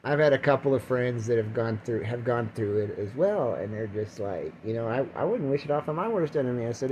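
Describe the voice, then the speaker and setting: A man's voice: medium pitch, expressive, a little fast, few pauses, a little mellow, slight background noise, poor audio. A man hosting a rambling solo monologue, full of restarts and wry jokes. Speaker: podcast host.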